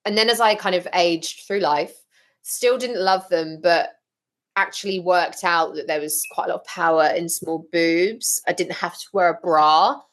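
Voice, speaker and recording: A woman talking as a podcast guest, telling her story frankly and with lively, blunt humour. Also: on the low side, moderate pace. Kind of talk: casual interview chat.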